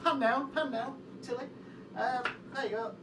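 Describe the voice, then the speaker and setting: A man's voice: very high-pitched, a little slow, very noisy. A man talks casually through a home cooking demonstration. He is chatty, swears freely and pokes fun at himself. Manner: chatty, sweary and self-mocking. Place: home kitchen. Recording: roomy, distant kitchen sound.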